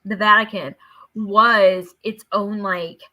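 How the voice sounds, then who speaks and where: A woman's voice: mid-range voice, steady tone, slow pace, bright, forceful tone. A woman co-hosting a live book discussion, chatting casually with many "like" fillers.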